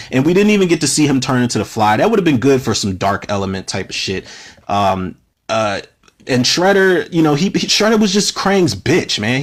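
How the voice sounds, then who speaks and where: A man in his thirties hosting a podcast, casually reviewing films in a profane, animated rant full of fillers. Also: medium pitch. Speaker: podcast host, film reviewer. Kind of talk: casual spoken film review.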